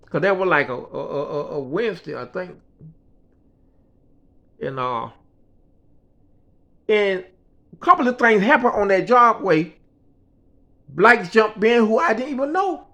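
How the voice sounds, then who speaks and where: A man's voice: sits high, a little slow, pauses often, muffled recording. A man telling a personal story in a casual, slangy and profane way, acting out the voices of the people in it. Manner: animated, slangy and profane, acts out quoted voices.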